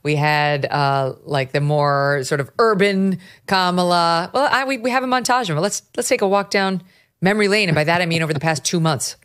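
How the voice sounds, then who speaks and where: A middle-aged woman hosts a political talk show in a fairly low voice. She sounds mocking and amused and laughs easily as she talks. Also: fairly quick, a bit bright, clean tone. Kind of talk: casual political commentary.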